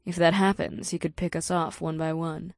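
A man voicing a serious woman who owns a nightclub, speaking in a grave, measured tone. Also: fairly high pitch, little pitch movement, no room sound, clean studio sound, pitched above the performer's own voice, lightly acted.

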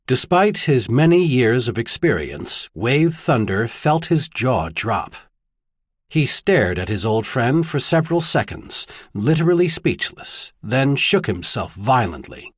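Casting: male audiobook narrator, husky tone, lively pitch, dry close studio sound. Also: unhurried, dry recording. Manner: expressive storytelling. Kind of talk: scripted narration.

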